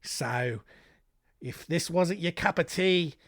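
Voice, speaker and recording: A man's voice: fairly high pitch, slow, no room sound, clean studio sound. An American man hosting a podcast in a put-on Australian accent that drifts toward British, Scottish and Irish, talking casually with rambling, self-mocking asides. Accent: put-on Australian accent that wanders toward British, Scottish and Irish. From United States. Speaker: podcast host.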